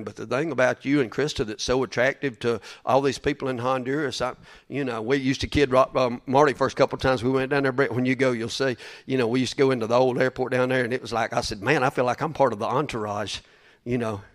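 Brief: male preacher, drawl, folksy and emphatic, mid-pitched, repeats for effect. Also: fairly even intonation, quick pace, hardly any pauses. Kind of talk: sermon.

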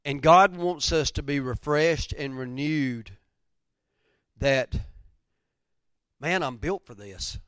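A man preaching a conversational sermon, telling stories, then rising loud and dropping to near whispers. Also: a little high, slow pace, pauses often, clean tone, no echo, studio quality. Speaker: pastor.

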